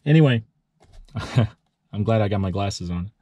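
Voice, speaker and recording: A man in his thirties who owns a lawn care business, giving a heartfelt motivational vlog talk, earnest and emotional, halting and restarting as he speaks. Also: lowish voice, animated, dark tone, dry recording. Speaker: lawn care business owner and channel host.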